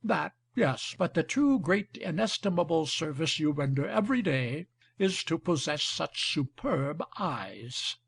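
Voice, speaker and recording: A man doing a sly, gouty old nobleman, a marquis who schemes and flatters. the voice is gravelly and husky, slow and drawn out, and it swings up and down a lot as he talks. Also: on the high side, exaggerated voice. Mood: flattering. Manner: ironic, flattering, smooth talker. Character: scheming older male marquis with gout, cynical.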